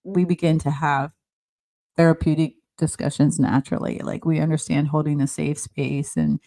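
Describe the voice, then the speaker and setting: A middle-aged woman talking earnestly in a casual, heartfelt conversation, often halting and restarting. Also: low-pitched, fairly even intonation, dark tone. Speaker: podcast host.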